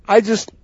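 A man hosting a podcast in casual chat, laughing often and tripping over his words. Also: no room sound. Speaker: podcast host. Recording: dry, dull lo-fi mic.

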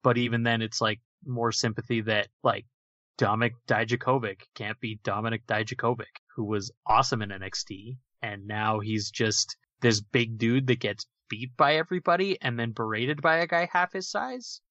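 An opinionated man talks casually, rambling through his points with lots of fillers. His voice sits at an ordinary middle pitch. The sound is dry and a bit dull, like a lo-fi home recording. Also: moderate pace, fairly bright tone, dry recording. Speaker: podcast co-host. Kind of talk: casual wrestling discussion.

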